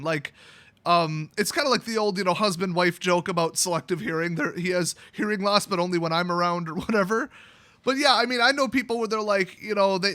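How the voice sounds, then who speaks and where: Sarcastic high-voiced man ranting. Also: sharp tone. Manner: sarcastic, blunt and opinionated. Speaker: YouTube host. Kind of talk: ranting monologue.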